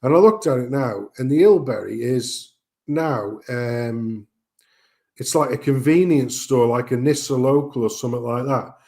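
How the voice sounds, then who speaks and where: A man's voice: mid-range voice, normal speed, warm tone. A middle-aged man, telling rambling family anecdotes in casual chat, joking and swearing as he goes.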